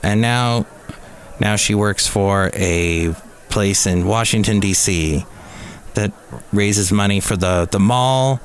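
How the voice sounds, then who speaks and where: Speaking slowly in a voice on the low side, a podcast host in his fifties records alone at a café. He wanders through the news casually and pokes fun at himself along the way, with faint music behind him.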